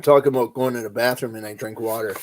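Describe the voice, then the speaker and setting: A middle-aged man with an Upper Midwest accent, hosting a relaxed, rambling chat and chuckling as he goes. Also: mid-range voice, quick pace, slight background noise. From northern Wisconsin. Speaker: host. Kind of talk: casual chat reading live comments.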